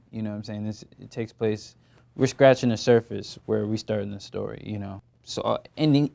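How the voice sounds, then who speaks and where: A man's voice: lowish voice, vocal fry. A young man in his twenties, an actor talking casually in a studio interview, loose and slangy with lots of fillers. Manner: relaxed, slangy, many fillers. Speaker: actor guest.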